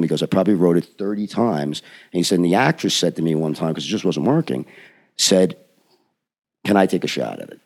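Gravelly low-voiced man telling a story. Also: a little fast. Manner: acts out the people in his story, lively and emphatic. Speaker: podcast guest. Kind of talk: animated storytelling in a podcast chat.

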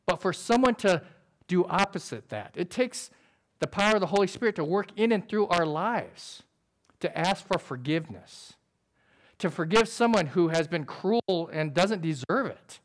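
High-voiced man preaching earnestly. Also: lively intonation. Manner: earnest, conversational, with quick illustrations; describes himself as sober by nature. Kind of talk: sermon.

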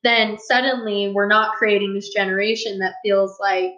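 A woman's voice: mid-range voice, little pitch movement, normal speed, bright, forceful tone. A young woman co-hosting a casual podcast, telling a personal story in an open, reflective way. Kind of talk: casual conversational podcast chat. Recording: roomy, slightly dull sound.

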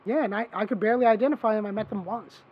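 A man hosting a podcast, telling a long story in casual chat, animated and swearing freely, acting out what others said. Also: high-pitched, rapid-fire, breathy edge, highs cut off. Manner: animated, swearing, acts out quoted voices. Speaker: podcast host.

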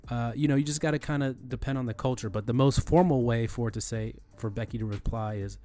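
Soft background music plays as a man teaches email etiquette in a screen-recorded tutorial, speaking quickly in a medium-pitched, dark-toned voice. He keeps it loose and conversational, frequently restarting and repeating phrases with fillers.

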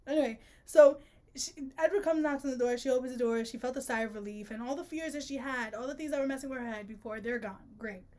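A woman's voice: high-pitched, fast, darkish tone. A woman co-hosting a casual podcast, reading a novel aloud and mocking it, sarcastic and laughing often. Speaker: podcast co-host.

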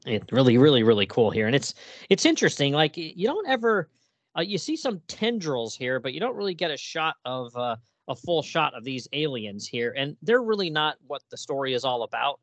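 An excited man hosts a casual podcast chat. His voice sits at a middling pitch and sounds dry and close. He laughs often and trips over restarts as he talks. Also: brisk, dry recording. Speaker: podcast host.

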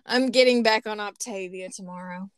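A woman's voice: mid-range voice, normal speed, smooth, no room sound, clean studio sound. A woman, co-hosting a podcast in casual, rambling chat with self-deprecating jokes. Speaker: podcast co-host. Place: small closet.

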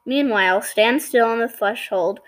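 A woman voicing a gruff, menacing wolf guarding a door in a storybook reading. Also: on the high side, normal speed, close to an everyday voice.

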